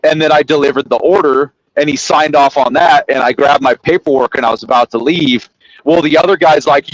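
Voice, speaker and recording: Man, casual podcast chat, bit high voice, dry close sound, acts out quotes. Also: brisk, no room sound, rough recording. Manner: animated storyteller, acts out quotes loudly, swears.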